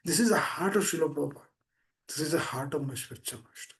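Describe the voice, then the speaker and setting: A man preaching a sermon through an online meeting call. His voice sits a little on the high side for a man. He presses his points with urgent, raised lines, then drops into hushed, low appeals to his listeners. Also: fast talker. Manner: repeats pleading appeals to the listeners.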